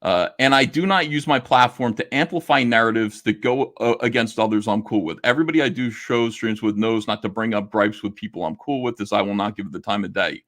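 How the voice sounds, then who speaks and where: A man's voice: fairly low pitch, brisk, few pauses, fairly bright tone. A middle-aged man, a comic artist and YouTuber, talking to camera in a casual monologue, blunt and indignant, swearing and stumbling over restarts.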